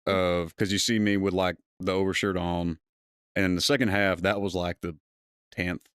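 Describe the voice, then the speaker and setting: A man's voice: sits low, level tone, moderate pace, a bit bright, clear, resonant tone, no echo, clean studio sound. A man co-hosting a casual podcast chat, rambling through stories and swearing freely. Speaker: co-host.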